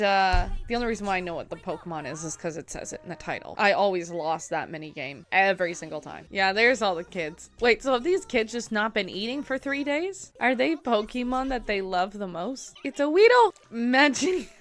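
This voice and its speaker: A young woman talks casually through an episode in a chatty, amused way, answering the screen as it plays. Her voice sits at an ordinary middle pitch. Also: fairly bright tone. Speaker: reaction vlogger. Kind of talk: casual reaction commentary.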